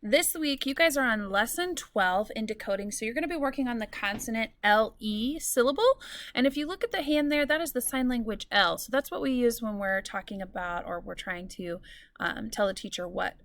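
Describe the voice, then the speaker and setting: A woman teacher giving a recorded lesson to students, explaining clearly and patiently and drawing out example words. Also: on the high side, lively intonation, a little fast, a bit bright.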